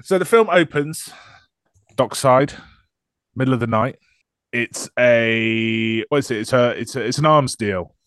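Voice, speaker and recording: A man's voice: medium pitch, measured pace, long pauses, fairly bright tone, smooth, no room sound, clean studio sound. A man co-hosting a casual podcast, bantering sarcastically about a movie and laughing often. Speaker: podcast co-host. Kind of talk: casual chat.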